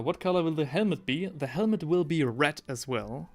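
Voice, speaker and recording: Over soft background music, a man with a slightly high, animated voice at normal speed hosts a casual miniature-painting livestream. He rambles, corrects himself, and reads chat aloud into a desk mic while wearing headphones.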